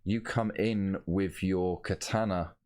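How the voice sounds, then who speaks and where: A man narrating as game master of a tabletop game, casual and halting, often stopping to correct himself. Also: low voice, steady tone, darkish tone, clear, resonant tone. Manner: casual, halting, with frequent ums and self-corrections.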